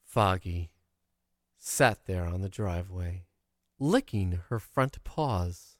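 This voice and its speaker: A man telling a folksy childhood tale in an animated, expressive way. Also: low-pitched, slow pace, dry recording, studio quality. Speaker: storyteller. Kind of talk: oral storytelling of a childhood tale.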